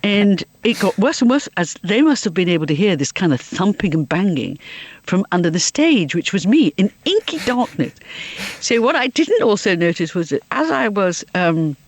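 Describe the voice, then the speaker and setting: Laughing woman telling lively stories. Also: mid-range voice, normal speed. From Liverpool, England. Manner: laughs often, lively comic storyteller. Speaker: interview guest. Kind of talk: anecdotal storytelling.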